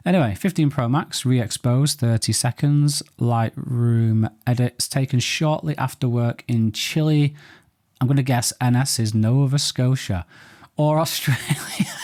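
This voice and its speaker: A man's voice: medium pitch, unhurried, a little mellow, no room sound, studio quality. A man hosting a photo reaction show, chatting casually and thinking aloud with playful banter. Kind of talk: casual commentary on viewer photos.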